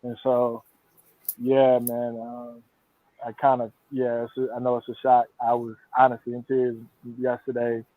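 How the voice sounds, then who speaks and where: A man's voice: medium pitch, monotone, unhurried, dry recording. A man on an online panel, apologetic and hesitant. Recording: tinny phone-like line.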